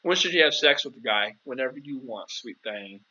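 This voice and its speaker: A man's voice: medium pitch, expressive, a little fast, bright, forceful tone, highs cut off. A man hosting a casual live-stream Q&A as a dating coach, chatty and playful, calling viewers "girl".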